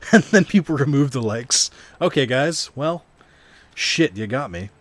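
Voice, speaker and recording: A man's voice: medium pitch, animated, unhurried, no echo. A young man casually commenting on a card video game stream, rambling and self-deprecating, swearing now and then.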